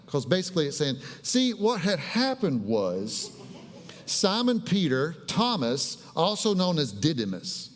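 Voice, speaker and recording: A man's voice: mid-range voice, in a large hall. A man preaching a conversational, humorous sermon in a church. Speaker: pastor. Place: church sanctuary.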